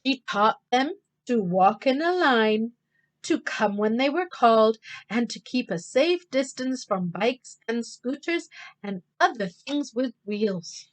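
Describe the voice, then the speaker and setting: A woman teacher reading a picture book aloud to children, expressive and pausing to count along with them. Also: fairly high pitch. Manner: expressive, stops to count and talk to kids. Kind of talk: children's storytime read-aloud.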